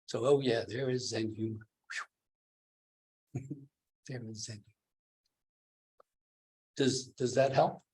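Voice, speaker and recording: A man's voice: mid-range voice, fairly even intonation, slow, pauses often, a little mellow. A man teaching at a meditation retreat, giving a dharma talk with frequent chuckles and questions to his listeners. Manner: chuckling, keeps asking the listeners "do you see?".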